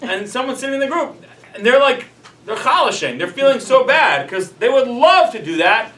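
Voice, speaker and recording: A man's voice: very high voice, very animated, moderate pace, fairly bright tone. A man, a rabbi, teaching a class in a casual, chatty storytelling way, full of "like" and "you know". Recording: roomy echo, mic at a distance.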